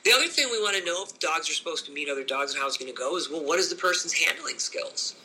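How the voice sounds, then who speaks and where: A man's voice: fast talker, poor audio. A dog trainer, a man, talking casually and emphatically about dog training. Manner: animated, emphatic, switches into high voices for quoted people. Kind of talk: casual podcast chat.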